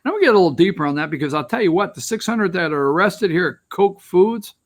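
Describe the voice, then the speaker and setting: His high voice turns sing-song here, and he talks fast. Addressing viewers directly, the political show host offers opinionated commentary that rambles and drips with sarcasm.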